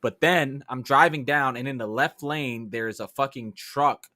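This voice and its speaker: With a mid-range voice and a measured pace, a young New York City-area man co-hosting a podcast tells a story in casual chat, getting animated and swearing while acting out his own reactions. It's recorded clean in a studio, with no room sound.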